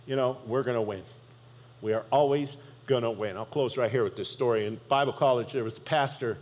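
Conversational pastor in a reverberant hall. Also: male voice, mid-range voice, brisk, a little mellow. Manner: conversational preaching, keeps asking "right?". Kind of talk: sermon. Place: church sanctuary.

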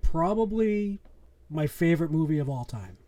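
Higher-voiced man telling a story on a podcast. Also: expressive, normal speed, dark tone. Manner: chatty storyteller, laughs along. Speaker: podcast co-host. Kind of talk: casual chat about horror movies.

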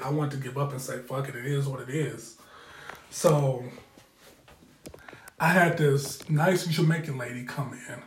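A man telling a story in a candid, profane, rambling way, often repeating himself as he hosts his own show. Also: medium pitch. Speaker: podcast host. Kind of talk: casual storytelling. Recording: roomy echo.

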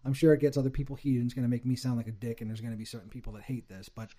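A man's voice: medium pitch, flat delivery, racing, dark tone, no room sound. A young man ranting heatedly with lots of swearing in a casual chat.

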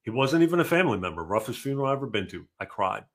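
A man co-hosting a casual podcast chat, talking in a lively, opinionated way and often acting out the people he quotes. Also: mid-range voice, very fast. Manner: animated, acts out quoted voices. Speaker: podcast co-host.

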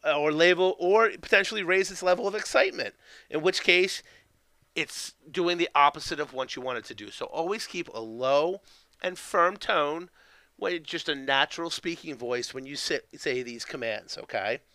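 A man's voice: fairly high pitch, moderate pace, sharp tone, no room sound. A man giving a loose, conversational lesson on training a puppy, tagging nearly every point with "okay?" and trailing fillers and restarts. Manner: keeps tagging sentences with "okay?". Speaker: dog training instructor. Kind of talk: instructional talk.

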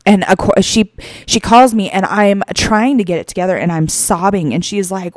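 Tearful woman podcaster, mellow voice. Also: medium pitch, no echo, studio quality. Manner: tearful, halting, many restarts. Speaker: podcast host. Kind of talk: emotional personal storytelling.

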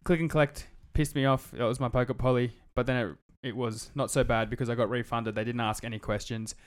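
An Australian man co-hosting a casual podcast, telling stories with lots of swearing and a lively delivery. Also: medium pitch, fast talker, clean tone. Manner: sweary, animated storyteller. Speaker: podcast co-host. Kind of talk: casual chat.

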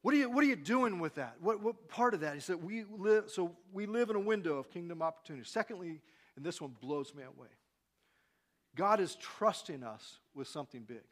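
High-pitched guy preaching to a church crowd, reads the bible bits big and dramatic, asks the room questions. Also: animated, brisk. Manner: dramatic scripture reading with sudden loud peaks. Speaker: pastor. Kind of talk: sermon. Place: church hall with a congregation.

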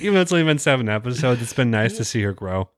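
A man's voice: medium pitch, big pitch swings, rapid-fire, no room sound, clean studio sound. A man co-hosting a casual chat, retelling episodes at length with crude jokes and fillers. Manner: storytelling recap, crude jokes, filler words. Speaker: podcast co-host recapping episodes.

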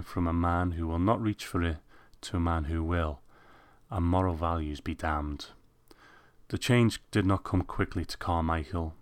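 A man reading a story aloud as narrator, in measured, scripted audiobook narration. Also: low voice, dry recording.

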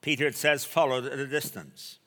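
A male preacher delivering a sermon, telling a story with dramatic pauses and emphasis. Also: medium pitch, sharp tone. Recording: echoey hall.

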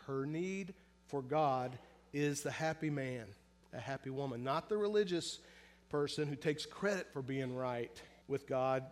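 A man preaching a sermon in earnest, pressing hard on some phrases and drawing others out softly and slowly, often asking his listeners direct questions. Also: mid-range voice. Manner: earnest preaching, shifts between loud emphasis and soft, slow, drawn-out phrases. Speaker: pastor.

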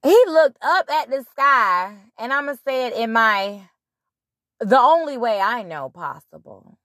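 A woman's voice: a little high, a little slow, dry recording, clean studio sound. A woman hosting a casual spiritual monologue, blunt and profane, retelling scripture. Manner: animated, blunt, profane, retelling scripture in her own words. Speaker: podcast host.

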